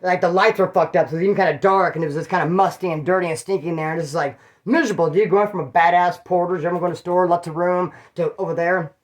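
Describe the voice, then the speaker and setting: Fast-talking, profane California man telling stories. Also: sits high, fairly even intonation. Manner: rambling, profane, street slang. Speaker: channel host telling prison stories. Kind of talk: casual storytelling.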